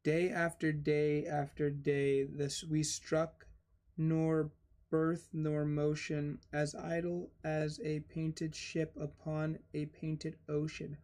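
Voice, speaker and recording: A young man reading a textbook aloud with casual asides, pausing to spell out words letter by letter and getting excited over odd spellings. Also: fairly high pitch. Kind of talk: casual read-aloud with commentary.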